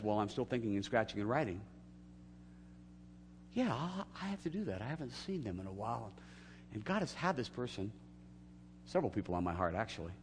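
A man preaching a sermon as pastor, telling a story and acting out the dialogue, swinging from hushed to loud. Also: on the low side, long reverb tail, slight background noise.

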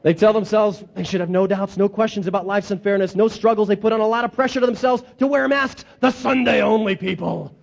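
A man's voice: high-pitched, brisk, vocal fry, hardly any pauses. A man preaching a sermon, telling stories with dramatic repetition. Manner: animated storytelling with dramatic repetition. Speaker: pastor. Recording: dull lo-fi recording.

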